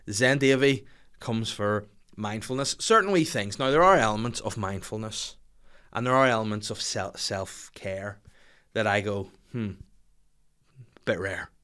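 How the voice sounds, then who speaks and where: A man's voice: lowish voice, fairly bright tone. A man in his thirties with a Northern Irish accent, hosting a comedy podcast as a sweary, self-mocking storyteller. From Northern Ireland. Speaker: podcast host.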